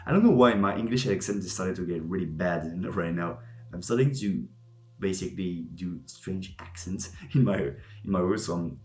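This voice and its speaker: Low-voiced young man. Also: moderate pace, a little mellow. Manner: rambling, searching for words, laughs at himself. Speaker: vlogger. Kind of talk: casual reflective monologue to camera. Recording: echoey room with faint music.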